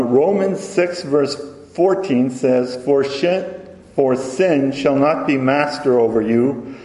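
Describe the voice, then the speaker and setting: A man preaches at a slow, deliberate pace, reading scripture aloud and sometimes stumbling and correcting himself. His voice is mellow and dark. The recording is roomy, with a long reverb trailing behind his words. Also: mid-range voice. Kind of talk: sermon. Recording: echoey hall with long reverb.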